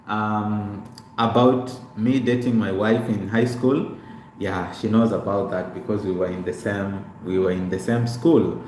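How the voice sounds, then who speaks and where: A man's voice: fairly low pitch, fairly even intonation, unhurried, a little mellow. A young man chatting casually on a live stream, greeting viewers by name and repeating himself as he talks through his life story. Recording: echoey room with faint background noise.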